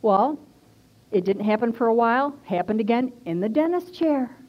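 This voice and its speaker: A woman's voice: a little high, animated, moderate pace. A woman minister giving a personal testimony in a sermon, earnest and conversational, stressing points by repeating them. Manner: earnest and conversational, emphatic repetition. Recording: dull lo-fi recording.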